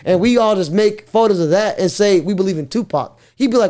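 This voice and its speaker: A man with a high voice chatting on a podcast. He talks in a loose, animated way, full of slang and swearing, and he often laughs mid-sentence. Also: brisk. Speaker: podcast host. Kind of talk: casual podcast chat.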